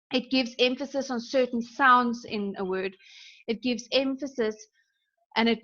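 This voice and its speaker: A woman's voice: on the high side, a bit bright. A young woman teaching a class in a recorded lesson, explaining terms and checking in with "okay?" as she goes. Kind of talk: recorded screen-share lesson. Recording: dull lo-fi sound.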